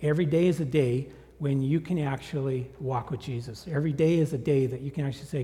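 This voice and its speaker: Preacher in a reverberant hall. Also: male voice, mid-range voice, quick pace, few pauses. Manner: conversational, animated storytelling. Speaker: guest preacher. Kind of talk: sermon with personal story. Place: church sanctuary.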